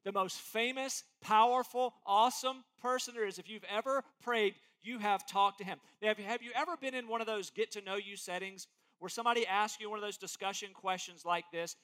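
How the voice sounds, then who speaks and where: A man preaching an expository sermon as pastor, emphatic and animated, acting out quotes as he goes. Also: sits high, fairly quick, few pauses.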